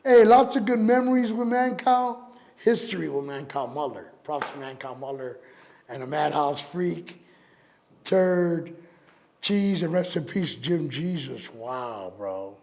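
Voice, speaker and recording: In a lively storytelling interview, the middle-aged rapper and DJ curses freely and performs the voices of others in his tales. He sounds a little high and animated, with a darkish tone and a measured pace.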